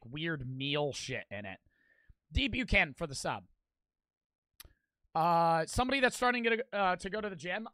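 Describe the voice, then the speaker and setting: Bright, high, and forceful, the young streamer's voice comes through with no echo. A bit out of breath, he chats loosely and profanely directly with his viewers and reads out their donations.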